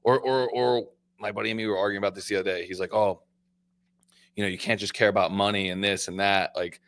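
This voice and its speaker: A man's voice: fairly low pitch, fairly even intonation, a bit bright. A man who owns a restaurant, a guest in a casual talk, musing about people with a lot of "like" as filler. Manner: fast, reflective, fillers like "like". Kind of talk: casual chat.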